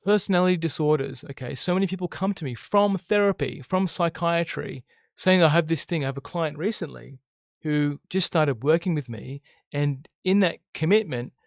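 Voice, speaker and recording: Man, fairly high voice with a gravelly edge, blunt spiritual teacher, keeps tagging "right?", dry sound. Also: moderate pace, dry recording. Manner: emphatic, keeps checking in with "okay?" and "right?"; blunt, swears freely. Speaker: I Ching teacher and counselor. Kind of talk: casual spiritual monologue to camera.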